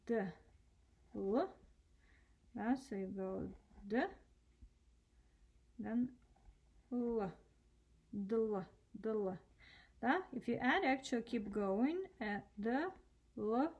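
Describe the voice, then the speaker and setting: A woman's voice: a little high, slow pace, pauses often, husky, dull audio. A woman teaching cursive letters, spelling them out patiently and checking in with short questions. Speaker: Russian language teacher. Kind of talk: slow step-by-step handwriting lesson.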